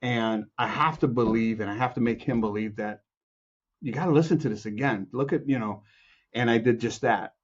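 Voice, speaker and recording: Animated storytelling man, dull lo-fi sound. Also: medium pitch, moderate pace, husky. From Chicago, USA. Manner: lively, acts out quotes, frequent restarts and laughs. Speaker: music producer and film composer, guest.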